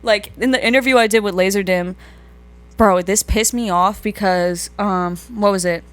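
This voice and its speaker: A woman's voice: mid-range voice, moderate pace, faint music behind. A young woman from New York, a podcast guest talking casually and animatedly, filling her speech with "like". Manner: chatty, heavy use of "like", animated. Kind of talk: casual chat.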